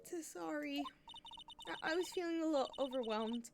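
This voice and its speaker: Vrouw die doet opgewekte jonge meid, hoog, gretig, game-sidekick. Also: female voice, normal speed, music in the background. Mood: perky. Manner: bubbly, high and eager. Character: perky excitable young female sidekick. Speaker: video game character.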